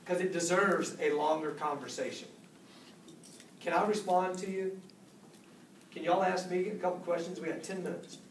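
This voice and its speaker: A man giving a motivational seminar talk, animated, acting out quotes with big jumps in pitch. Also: moderate pace, long pauses, slight background noise. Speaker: speaker at a business seminar. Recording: echoey room, voice from far off.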